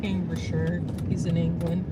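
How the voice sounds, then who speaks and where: A woman's voice: fairly low pitch, level tone. A woman hosting a livestream from a car, chatting casually and reading comments aloud. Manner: slow, easygoing, reads chat names and messages aloud. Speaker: livestream host reading chat. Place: inside a car on the road. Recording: distant voice over loud road noise.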